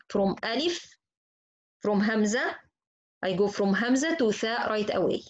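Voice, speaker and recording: A woman teaching Quran recitation, slowly and patiently repeating each example word. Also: medium pitch, rough recording. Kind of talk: slow tajweed lesson with spoken examples.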